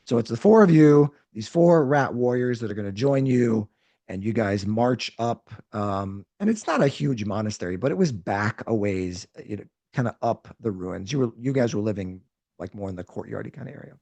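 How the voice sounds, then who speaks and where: A man's voice: fairly low pitch, animated, moderate pace, dark tone, no room sound. A man narrating as game master of a tabletop role-playing game, rambling with frequent restarts. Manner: rambling, hesitant, many restarts.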